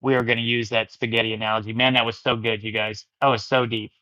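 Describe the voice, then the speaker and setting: An easygoing male host chatting through a livestream fellowship and reading comments aloud, his voice sitting at an ordinary middle pitch. The sound is close and dry, with no room around it. It comes through a little dull and lo-fi. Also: level tone, fast, sharp tone, no echo. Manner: easygoing, addresses viewers as you guys and brother. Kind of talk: casual chat reading viewer comments.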